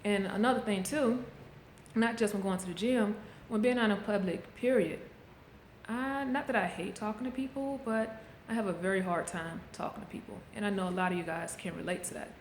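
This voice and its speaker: A woman's voice: medium pitch, fairly quick, a little hiss or hum. Candid middle-aged woman vlogging in an echoey room. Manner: candid, coaching, talks straight to viewers. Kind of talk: casual motivational vlog. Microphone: handheld camera. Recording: echoey room, faint background ambience.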